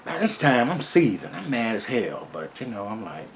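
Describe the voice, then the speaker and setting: A man's voice: fairly low pitch, big pitch swings, normal speed, a little hiss or hum. A middle-aged man casually telling a first-person story in a laid-back, streetwise way, with plenty of profanity.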